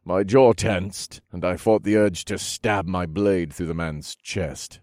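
Deep voiced guy reading an audiobook, steady pace, dry recording. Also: no echo. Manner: steady, measured storytelling. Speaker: audiobook narrator. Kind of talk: scripted first-person narration.

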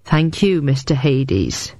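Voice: medium pitch, big pitch swings, slow, darkish tone, no room sound, exaggerated voice. Narrator doing a dim, eager henchman. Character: dim, obedient male henchman.

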